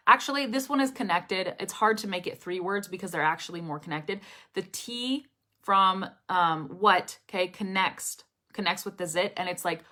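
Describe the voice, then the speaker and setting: A woman's voice: mid-range voice, normal speed, sharp tone. A woman teaching English pronunciation in a casual live lesson, repeating drill phrases over and over and often checking in with "okay?".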